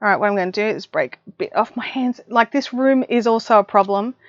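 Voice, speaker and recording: A woman's voice: medium pitch, animated, fairly quick, no room sound. Chatty Australian woman, dry lo-fi audio. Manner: chatty, self-mocking, reads viewer comments aloud. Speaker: craft livestream host. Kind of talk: casual live chat. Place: home craft room. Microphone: desk mic, listening on headphones. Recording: dry, dull lo-fi livestream audio.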